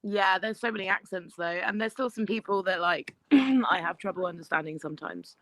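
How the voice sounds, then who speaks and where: A woman from England with a London accent chatting casually, relaxed and quick to laugh. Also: mid-range voice, dry recording, poor audio. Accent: London English. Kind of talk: casual chat.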